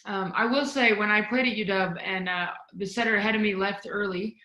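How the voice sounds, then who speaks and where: A woman speaking as a volleyball coaching guest on a video call, energetic and emphatic, demonstrating as she talks. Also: mid-range voice, brisk, echoey room, poor audio. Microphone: video call mic.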